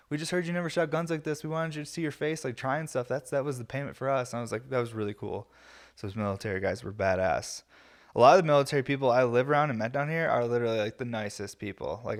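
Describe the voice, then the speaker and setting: A man's voice: medium pitch, a bit bright. A young man hosting a podcast from his garage, telling stories in a rambling casual way, full of fillers and swearing. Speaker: podcast host. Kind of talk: casual storytelling chat. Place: home garage.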